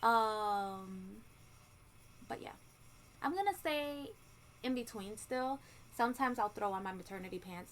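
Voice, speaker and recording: A woman's voice: mid-range voice, fairly bright tone, poor audio. Chatty candid woman vlogging at home. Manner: chatty, candid, lots of ums and likes, swears casually. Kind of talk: casual pregnancy update vlog. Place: home room with a ceiling fan running. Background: faint ceiling fan hum.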